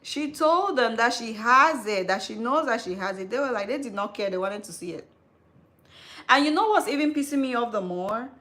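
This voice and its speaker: A woman's voice: fairly high pitch, moderate pace. Chatty woman telling a story live. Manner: animated storytelling, calls listener "girl". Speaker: host of a live stream. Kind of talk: casual live-stream chat.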